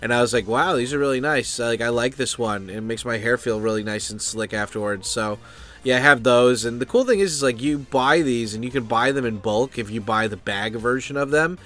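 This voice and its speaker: A man's voice: medium pitch, fairly quick, fairly bright tone. An American man chatting loosely and off-topic, full of fillers, swearing and asides. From United States. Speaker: vlogger. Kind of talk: rambling casual chat.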